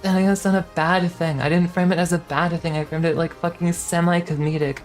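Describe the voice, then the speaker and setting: A woman's voice: on the low side, steady tone, a little fast, darkish tone, soft background music. A young woman in her twenties, a streamer ranting casually, heated and swearing with lots of fillers and restarts. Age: 20s. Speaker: VTuber streamer.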